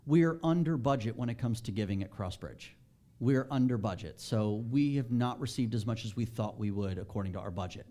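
A male pastor preaching a sermon in a casual, animated way, pushing his voice up when he stresses a point. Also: medium pitch, brisk.

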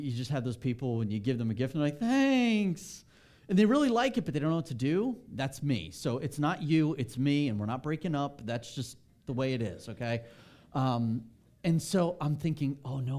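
A man in his thirties preaching a sermon in a church, telling a personal story with lively acted-out quotes before turning to scripture. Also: medium pitch. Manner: animated storytelling, acts out quotes. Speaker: pastor. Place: church sanctuary.

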